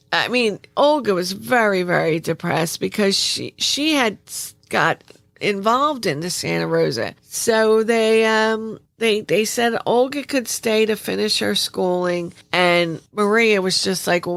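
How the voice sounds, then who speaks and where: A woman's voice: medium pitch, creaky, fairly bright tone, no room sound. A woman host telling a true life story in a chatty way, full of asides and restarts. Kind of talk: casual true-story narration.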